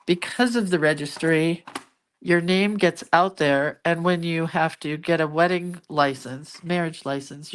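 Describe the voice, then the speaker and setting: Low-voiced chatty middle-aged woman. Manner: chatty, rambling, with many asides. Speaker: crafting vlogger. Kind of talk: casual storytelling.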